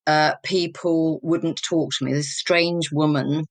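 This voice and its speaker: A woman's voice: sits low, steady tone, slow, no room sound. An English woman in her fifties, a guest telling personal stories openly and reflectively in an interview. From England. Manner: open, personal storytelling. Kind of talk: candid, reflective interview talk.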